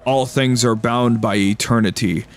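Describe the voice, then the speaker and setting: A man voicing a serene, genderless cosmic being of light that turns squeaky and panicked when hurt, as he reads a story aloud. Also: steady tone, natural voice. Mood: solemn. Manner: solemn and slow, then squeaky and panicked in pain.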